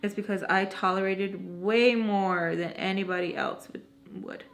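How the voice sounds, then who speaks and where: A woman's voice: medium pitch, unhurried. Woman telling a rambling story. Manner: animated, acts out quoted dialogue; rambling, self-correcting asides. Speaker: storytime vlogger. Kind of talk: casual storytime retelling.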